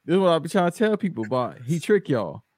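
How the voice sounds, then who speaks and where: A man's voice: a little high, very animated, fast talker, a little mellow, dry recording. A man on a casual wrestling podcast, giving blunt, opinionated takes in slangy speech. His voice is recorded close and dry, with no room sound. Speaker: podcast guest.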